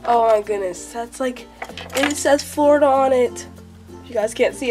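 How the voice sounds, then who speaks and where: A female vlogger, gushing and excitable, who is sick and sounds a little off while unboxing a package. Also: fairly high pitch, normal speed, over music. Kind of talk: unboxing vlog.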